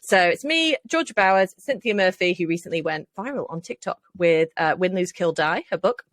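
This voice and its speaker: A woman's voice: fairly low pitch, expressive, fairly quick, no room sound, clean studio sound. A woman with a Mancunian accent co-hosting a casual podcast chat, chatty, enthusiastic and jokey. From Manchester. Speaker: podcast co-host and author.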